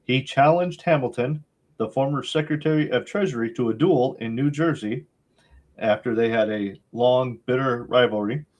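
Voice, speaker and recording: A man's voice: medium pitch, moderate pace, a little mellow. Laid-back rambling podcast co-host man. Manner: laid-back, rambling, many uh fillers, wry sarcasm. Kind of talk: casual podcast chat.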